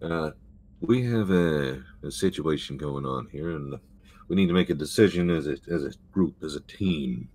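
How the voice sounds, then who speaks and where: A man with a very low voice plays the captain of a ship in a tabletop role-playing game. He calls the crew together in a mock-authoritative, rallying tone. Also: moderate pace, a little mellow, breathy edge. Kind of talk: in-character tabletop banter.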